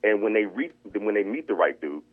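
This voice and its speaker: Phone-in guest, man: quick, candid, tinny phone sound. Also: on the low side, big pitch swings, breathy edge. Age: older. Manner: candid, repeats words while thinking. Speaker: caller. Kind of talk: casual chat.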